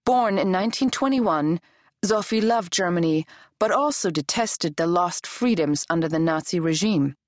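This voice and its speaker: A woman reading a history audiobook in a measured, even scripted narration. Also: lowish voice, no room sound, clean studio sound.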